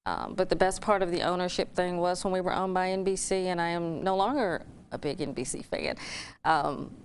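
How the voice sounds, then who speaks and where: Low-voiced Southern woman, former news anchor. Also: fairly even intonation, a little fast, slight background noise. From Alabama. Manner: warm, talkative, laughs easily. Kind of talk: casual interview chat.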